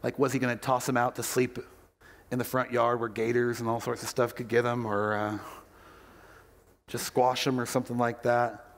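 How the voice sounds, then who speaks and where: A man's voice: medium pitch, level tone, moderate pace, in a large hall. A male pastor giving a sermon and telling a story, acting out the quoted voices as he goes.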